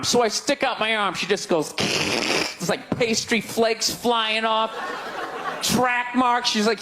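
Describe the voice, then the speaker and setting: A middle-aged man doing a stand-up comedy set, ranting in an exasperated way and breaking into sudden shouts, at a comedy club. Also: very high-pitched, a little slow. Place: comedy club stage before a laughing crowd. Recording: live club recording, loud crowd laughter, noisy.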